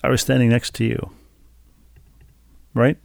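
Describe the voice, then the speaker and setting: A man's voice: medium pitch, monotone, a little slow, creaky, dry recording. A middle-aged man co-hosting a podcast, telling a story in casual chat with dry, wry humor. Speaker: podcast co-host.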